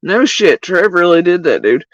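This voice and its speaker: A woman's voice: fairly low pitch, moderate pace, dry recording, highs cut off. A woman livestreamer talking casually to her chat in a profane, heated rant, addressing viewers directly. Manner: profane, animated ranting.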